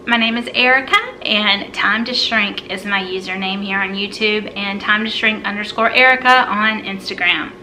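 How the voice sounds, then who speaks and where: A South Carolina vlogger in her thirties, with a Southern US accent, chats through a casual accent tag video and repeats words aloud. Her mid-range voice is bright and forceful, though the audio is poor, with a little hiss or hum.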